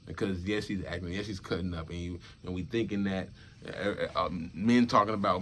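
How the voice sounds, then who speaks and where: A young man talking to his viewers in a loose, repetitive monologue, murmuring low and then bursting out loud to make a point. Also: steady tone, brisk. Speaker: vlogger. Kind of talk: casual rambling monologue.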